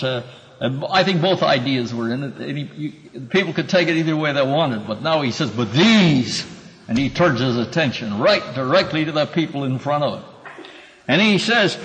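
A man's voice: fairly high pitch, fairly bright tone, in a large hall, rough recording. A man teaching a Bible class, explaining scripture verse by verse and calling on students by name. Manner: earnest, emphatic when quoting scripture.

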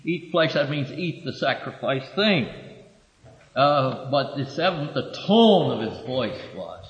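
A man giving a sermon-style Bible lesson, halting with many filler pauses and lifting his voice to read verses. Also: medium pitch, lively intonation, a bit bright. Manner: reads verses aloud with raised emphasis. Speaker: preacher teaching from scripture. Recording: dull echoey recording from a hall.

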